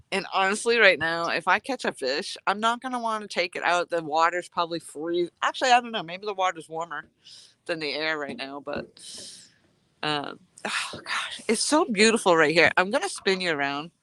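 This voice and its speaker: Sniffly in the cold, a woman chats rambly on a live stream from an outdoor dock, phone at arm's length, welcoming viewers to her fishing vlog. She speaks with a lowish, expressive voice, fairly quick and pushed bright.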